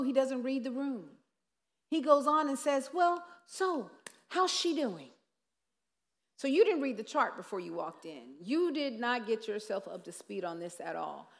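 A woman minister giving earnest, conversational sermon-style teaching with rhetorical asides, in a large hall or church. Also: high voice. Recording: long reverb of a large hall.

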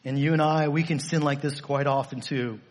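A man's voice: fairly high pitch, steady tone, normal speed. A male pastor preaching a sermon, emphatic and repetitive, firing off rhetorical questions.

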